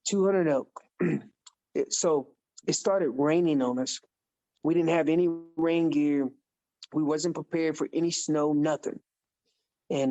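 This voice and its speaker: A man guest on a podcast, telling a hunting story in a casual, animated way and acting out the dialogue. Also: a little high. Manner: animated storyteller who acts out quoted dialogue. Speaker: podcast guest, elk calling champion.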